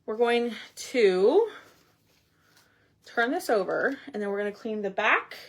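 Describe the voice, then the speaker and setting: A woman's voice: fairly high pitch, big pitch swings, takes it slowly. A woman chatting casually through a craft livestream, gushing and saying y'all a lot, a little out of breath.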